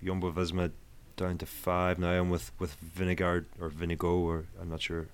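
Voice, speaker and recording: A man's voice: low voice, completely flat delivery, moderate pace, slight background noise. A man co-hosting a podcast over a call, talking through the race in an easygoing, tentative way. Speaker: podcast co-host. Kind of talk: casual cycling race analysis.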